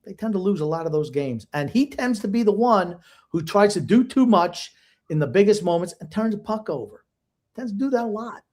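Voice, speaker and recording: Older man, blunt sports talk, higher voice, mellow tone. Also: animated, a little fast. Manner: blunt, opinionated, emotional. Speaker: podcast co-host. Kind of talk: casual sports chat.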